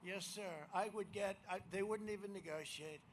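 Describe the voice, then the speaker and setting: A man's voice: high voice, normal speed, a little hiss or hum. An older man giving a rambling, boastful rally speech and mocking his opponents. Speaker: campaign rally speaker. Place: outdoor rally crowd.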